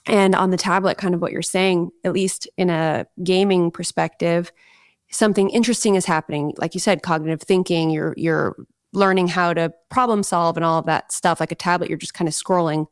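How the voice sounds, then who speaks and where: A woman's voice: lowish voice, steady tone, fairly quick, clear, resonant tone, no room sound, clean studio sound. A woman in her thirties from Long Island, talking bluntly and candidly as a podcast guest. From Long Island, New York. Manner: blunt, candid and emphatic, with frequent "like". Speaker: actress guest on a gaming podcast. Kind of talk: casual interview chat.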